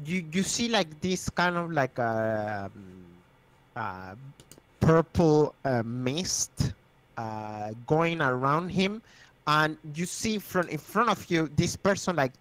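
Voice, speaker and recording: A man narrating a tabletop game as game master, with halting, filler-heavy delivery. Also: fairly high pitch, lively intonation, a bit bright, low-quality recording.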